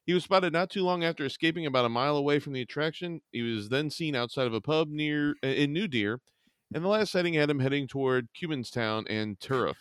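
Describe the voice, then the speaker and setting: A man co-hosting a casual podcast, reading odd news stories aloud with jokes and rambling asides, often correcting his own wording. His voice is smooth and clear. The recording is dry and close to the mic. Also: a little high, fast talker, a bit bright, no echo. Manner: joking, rambling, self-correcting. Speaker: podcast co-host.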